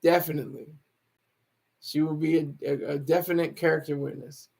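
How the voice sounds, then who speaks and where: High-voiced man joking on a livestream. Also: steady tone, brisk, vocal fry, darkish tone. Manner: joking, laughs often, reads chat aloud. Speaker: livestream host. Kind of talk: casual livestream commentary.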